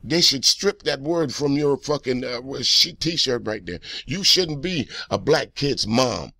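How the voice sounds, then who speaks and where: A man with a gravelly, mid-pitched voice rants furiously at the subject of a clip, swearing and accusing her at every turn. He is recorded close and dry, with no room sound around him. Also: expressive, measured pace, pushed and bright, no echo. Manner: heated, profane, accusing rant. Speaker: video host reacting to a clip. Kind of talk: angry reaction commentary.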